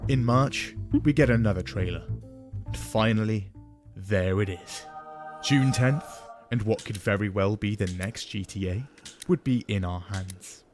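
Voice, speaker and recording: A man with a slightly low voice reads a scripted video essay in a dry, sardonic way. Clear background music runs under his narration throughout. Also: a little slow. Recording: music bed behind narration.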